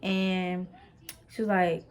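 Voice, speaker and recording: Speaking slowly in a low voice with little pitch movement, a young woman vlogger rambles through a personal story. She's chatty, uses lots of fillers, and tosses playful asides to her viewers.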